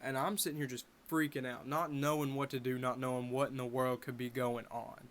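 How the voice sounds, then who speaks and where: A young man in his bedroom telling a personal story to camera in a casual, animated way with wry asides. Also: mid-range voice, a little fast. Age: young adult. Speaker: vlogger.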